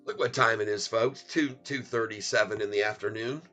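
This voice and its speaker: A man's voice: on the low side, brisk, pushed and bright, faint music behind. A man giving playful live commentary on his stock trades, laughing often and chanting goofy little rhymes. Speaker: stock trading streamer. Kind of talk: casual live trading commentary.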